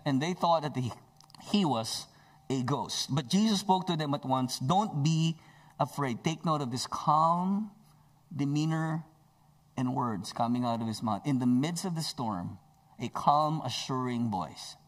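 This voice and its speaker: A man's voice: medium pitch, lively intonation, a little slow. A male pastor preaching a sermon, emphatic, stretching out key phrases, with joking asides.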